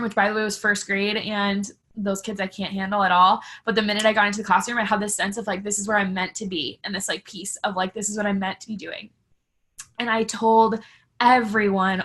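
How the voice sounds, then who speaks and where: A woman's voice: mid-range voice, sharp tone. Chatty young woman on a team call. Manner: chatty, filler-heavy, candid. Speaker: teacher and coach. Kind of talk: casual team call presentation. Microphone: video call.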